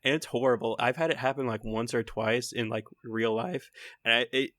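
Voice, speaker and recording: Excitable young man with a faint Texan accent. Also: medium pitch, moderate pace, no room sound. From Texas. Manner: excitable, rambling, laughs often, swears casually. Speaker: podcast co-host. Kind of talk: casual podcast chat.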